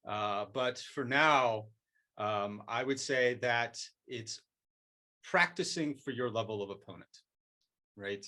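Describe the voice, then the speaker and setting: A man voicing a solemn martial arts master who lectures in a quiet, deliberate way. The voice itself is bright and pointed, and the delivery stays mock-serious and unhurried. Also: medium pitch. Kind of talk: improvised comic role-play.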